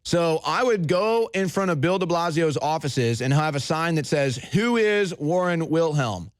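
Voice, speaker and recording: A male talk show host on a heated political rant, shouting and mocking as he goes. His voice sits fairly high and swings up and down a lot. The studio sound is dry and close. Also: animated, unhurried, dry recording.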